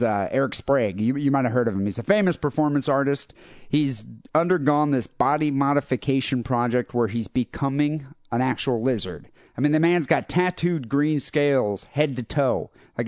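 A young adult man hosting a podcast, telling a rambling story in a casual, animated way and acting out other people's lines. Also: medium pitch, no room sound. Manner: animated, quotes people in raised voices. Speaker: podcast host. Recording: dull lo-fi dry podcast audio.

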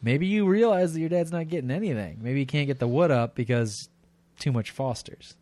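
A man co-hosting a podcast in casual comedic chat, crude and quick to laugh. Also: mid-range voice, darkish tone, no echo. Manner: crude, laughing, puts on silly voices in anecdotes. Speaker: podcast co-host.

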